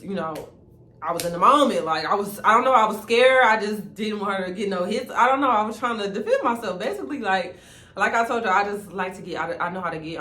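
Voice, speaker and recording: A young woman telling a casual storytime vlog, animated, laughing often and talking to viewers as y'all. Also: fairly low pitch. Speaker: vlogger. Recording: echoey room with faint ambient noise.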